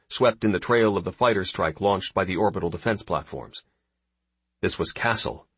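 Low, husky male audiobook narrator. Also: dry recording. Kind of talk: scripted narration.

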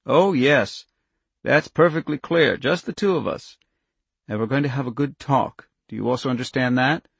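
A man voicing an older male government chief who answers in a flat, obedient way and turns whiny under pressure. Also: medium pitch, normal speed, gravelly, slightly rough, no room sound. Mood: compliant.

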